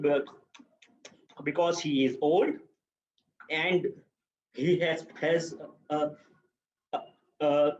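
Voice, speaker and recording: A young Pakistani man with a fairly high voice delivers a speech at a very slow pace, stopping often and repeating words before moving on. His voice echoes around a room, and the recording sounds muffled. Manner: halting, repeats many words while searching. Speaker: club speaker. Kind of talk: prepared speech at a speaking club.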